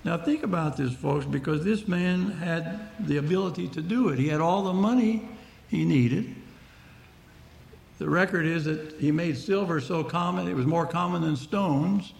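A man's voice: a little high, moderate pace, gravelly, a little mellow, reverberant. A man preaching a Bible-teaching sermon, speaking conversationally and explaining the text verse by verse to his listeners.

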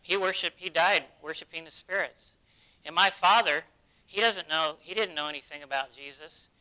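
A man's voice: a little high, normal speed, sharp tone, voice pushed up, low-quality recording. A man voicing a grieving, bewildered old village man who pleads through tears.

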